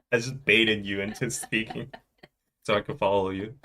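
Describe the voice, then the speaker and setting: A man's voice: fairly low pitch, fairly even intonation, moderate pace, pushed and bright. A man in his thirties hosting a podcast in casual chat, playful, laughing often and mimicking accents. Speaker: podcast host.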